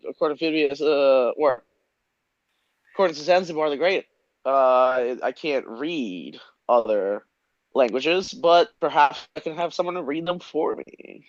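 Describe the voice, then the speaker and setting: A man plays a tabletop game and talks in halting bursts, full of fillers and restarts. His voice sits a little high. It is dry and comes through a slightly dull, lo-fi mic. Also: dry recording. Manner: hesitant, stammering, many fillers. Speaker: player. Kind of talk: casual tabletop play.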